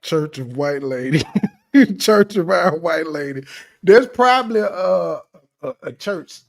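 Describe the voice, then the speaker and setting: A young man with a notably high speaking voice riffs through a reaction video. He jokes, mocks and swears freely in loose, casual commentary. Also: animated, slow, creaky, poor audio. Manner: profane, joking, mocking. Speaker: commentary channel host.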